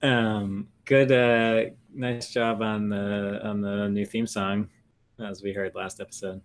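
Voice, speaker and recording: A man's voice: lowish voice, little pitch movement, slow. A man co-hosting a podcast in casual chat, playful and joking, laughing often. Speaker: podcast co-host.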